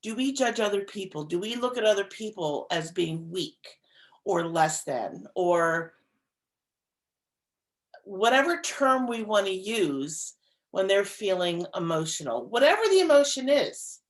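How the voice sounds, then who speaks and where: A woman's voice: medium pitch, big pitch swings, unhurried. A woman co-hosting a podcast in casual conversation, talking earnestly and repeating phrases for emphasis. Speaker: podcast co-host.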